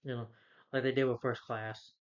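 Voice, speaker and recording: A man's voice: medium pitch, little pitch movement, moderate pace. Rambling male film reviewer, lo-fi. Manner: rambling, full of "you know" fillers, exasperated. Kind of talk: rambling casual review rant.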